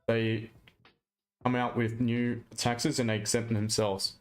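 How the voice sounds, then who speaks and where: A man's voice: mid-range voice, level tone, takes it slowly, soft background music. A man with an Australian accent, chatting casually and bluntly on a live trading stream, ranting with mild swearing.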